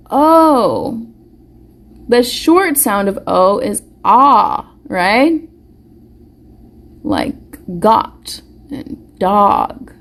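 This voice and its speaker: A woman teaching a live online phonics lesson to young children, slowly sounding out words and praising them warmly. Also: medium pitch. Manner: slow, encouraging, sounds words out carefully. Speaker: preschool teacher. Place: school or home classroom, live stream.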